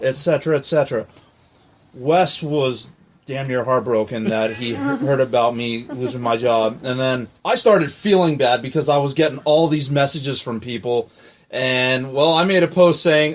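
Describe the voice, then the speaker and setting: A man's voice: medium pitch, normal speed. A man co-hosting a podcast, telling stories in casual chat with frequent laughs and restarts. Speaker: podcast co-host.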